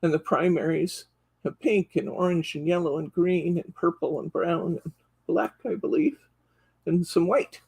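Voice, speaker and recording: Husky-voiced woman gushing over craft products. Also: fairly low pitch, measured pace, warm tone. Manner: counts sheets aloud while flipping. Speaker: craft store host. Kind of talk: live product show-and-tell.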